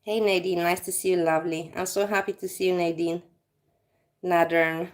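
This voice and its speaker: A woman's voice: fairly low pitch, fairly even intonation, moderate pace. A woman hosting a casual livestream, rambling and teasing her viewers with self-mocking jokes. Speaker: livestream host.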